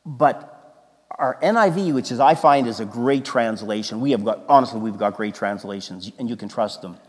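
Pastor guy preaching, lots of restarts and sudden loud bursts, mid-pitched voice, big echoey church hall. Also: normal speed. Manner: animated, emphatic, with restarts and sudden loud exclamations. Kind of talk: sermon. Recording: long reverb of a large hall.

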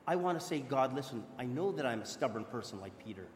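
A man's voice: mid-range voice, expressive, quick pace, a little hiss or hum. Man preaching in an echoey hall. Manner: earnest, conversational preaching with frequent restarts. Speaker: pastor. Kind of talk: sermon. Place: church hall. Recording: echoey hall with long reverb.

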